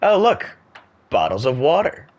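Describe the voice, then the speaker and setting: A young American man streaming a game, joking, reacting out loud and chatting casually with his viewers. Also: on the high side, huge pitch swings, a little slow. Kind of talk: casual chat while gaming.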